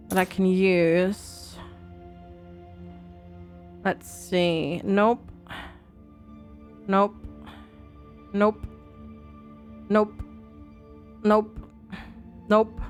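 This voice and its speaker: A woman's voice: medium pitch, very slow, pauses often, faint music behind. A young woman streaming a game, chatting and thinking aloud to her viewers. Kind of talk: casual game commentary.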